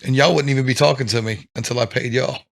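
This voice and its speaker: Gravelly-voiced veteran man. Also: medium pitch, fairly even intonation, fast. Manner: blunt, laid-back storytelling with swearing. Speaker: military veteran. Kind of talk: casual podcast chat.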